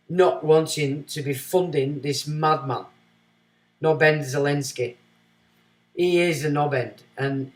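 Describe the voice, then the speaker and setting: A man hosting a livestream, giving blunt, sarcastic commentary that swings from muttering to loud. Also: on the high side, reverberant. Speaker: livestream host.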